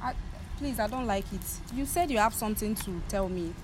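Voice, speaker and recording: A woman's voice: medium pitch, animated, a little fast, noisy background. A young Nigerian woman, tearful, angry and accusing, confronting the ex-partner who left her. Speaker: ex-girlfriend confronting a former partner. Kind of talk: emotional street confrontation.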